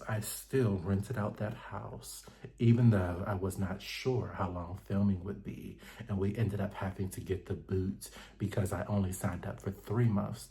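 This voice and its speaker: A man putting on a prim, hushed, wounded lady. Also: lowish voice, voice pushed down. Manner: quiet, measured, overly proper delivery. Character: prim soft-spoken wounded woman, proper and aloof.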